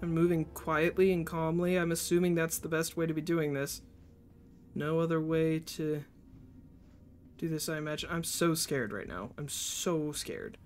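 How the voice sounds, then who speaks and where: Jittery high-voiced young man streaming. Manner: jittery, panicky, talks to chat. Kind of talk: live gameplay commentary.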